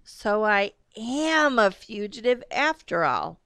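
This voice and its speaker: A woman's voice: medium pitch, sing-song, takes it slowly, a bit bright, clean tone, no room sound, pitched above the performer's own voice, heavily acted. A woman reading aloud, voicing an indignant father who pleads and protests in a dry, raised voice. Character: exasperated father, defiant and self-righteous man.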